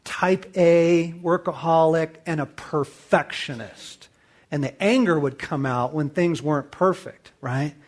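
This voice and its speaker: A middle-aged man hosting a talk to men, telling a movie story with lively acted-out dialogue. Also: on the high side, unhurried. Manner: animated storyteller acting out dialogue. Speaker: host. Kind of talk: casual teaching talk to men.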